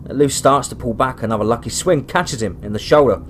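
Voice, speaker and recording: A man reading a first-person horror story aloud, dramatic and rising to shouts. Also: mid-range voice, fairly quick, few pauses, slight background noise.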